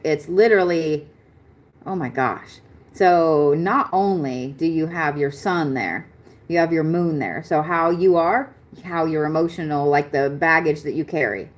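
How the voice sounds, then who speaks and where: Low-voiced chatty woman reading astrology. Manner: chatty, excitable, swears casually. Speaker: astrology reader. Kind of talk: live-stream astrology reading.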